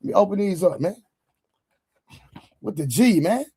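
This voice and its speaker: A man with a hoarse voice hosting a livestream, chatting loosely with viewers in slangy banter full of repeated fillers. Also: high-pitched, animated, normal speed, mellow. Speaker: livestream show host. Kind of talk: casual livestream chat with viewers.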